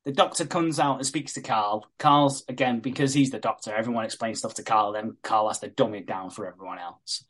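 A man's voice: lowish voice, a little fast, few pauses, a bit bright. A man in casual chat, retelling a soap plot with lots of swearing and acted-out quotes. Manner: sweary storyteller acting out quotes. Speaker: podcast co-host.

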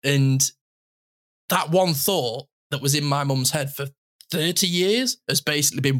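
A man's voice: on the high side, unhurried, a bit bright. A man in his thirties hosting a podcast in casual chat, speaking in a heartfelt and emotional way, close to tears. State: tearful. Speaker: podcast host.

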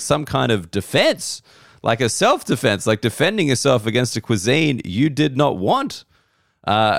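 A man's voice: medium pitch, gravelly, no echo, studio quality. An Australian man, a comedian, telling rambling comic stories on a podcast, wry and sweary with frequent restarts.

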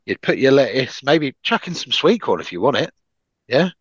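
A man riffs through casual podcast banter, swearing freely as he pitches ideas. His voice swoops up and down with real animation. The recording is dry and a little dull, like a lo-fi mic. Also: very animated, normal speed, slightly rough, no echo. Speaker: podcast co-host.

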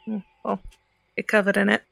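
A woman playing a fairy character at a tabletop game, scolding sarcastically in a soft Cockney accent. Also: mid-range voice, monotone, brisk, gravelly, slightly rough, no room sound. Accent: soft put-on Cockney. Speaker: player. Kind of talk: in-character tabletop role-play.

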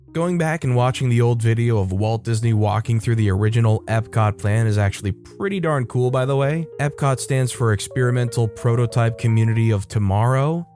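A man's voice: mid-range voice, warm tone. A man narrating Reddit stories aloud with wry, conversational asides. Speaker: storytime narrator.

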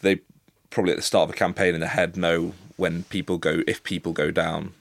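Gravelly, flat-voiced man, thoughtful guest. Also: deep voice, a little fast, no echo. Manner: thoughtful, hesitant restarts. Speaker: guest, international rugby player. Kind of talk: casual interview chat.

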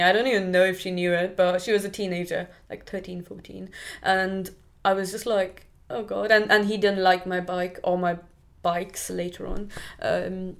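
Chatty young Indian woman. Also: on the low side. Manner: chatty, many restarts and "like" fillers. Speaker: podcast guest. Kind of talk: casual storytelling in an interview.

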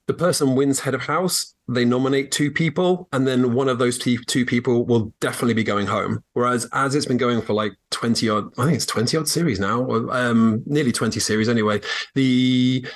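A man's voice: medium pitch, brisk. A man from England, guest co-host on a podcast, who laughs often and explains at length with fillers. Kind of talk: casual podcast chat.

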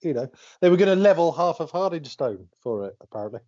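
A man's voice: fairly high pitch, animated, fast, warm tone, no room sound. A man on a casual podcast, making hesitant quiz guesses that trail off into mumbles. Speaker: podcast co-host, quiz contestant. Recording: dull lo-fi dry audio.

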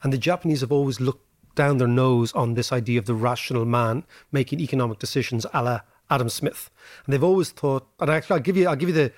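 An Irish man hosting a podcast, explaining history and economics in animated casual chat, often tagging his points with "right?". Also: mid-range voice, fast, no room sound, clean studio sound. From Ireland. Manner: animated lecturing, rhetorical "right?" tags. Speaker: podcast host.

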